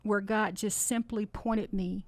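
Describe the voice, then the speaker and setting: A woman's voice: mid-range voice, steady tone, takes it slowly, no echo. Woman host, heartfelt inspirational faith talk, tearful and encouraging, dry close sound. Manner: earnest, encouraging, emotional. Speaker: podcast host.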